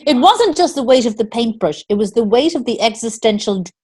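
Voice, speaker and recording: A woman improvising a comic story over a video call, quick to laugh. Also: a little high, animated, a little mellow, slightly rough. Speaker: improv performer.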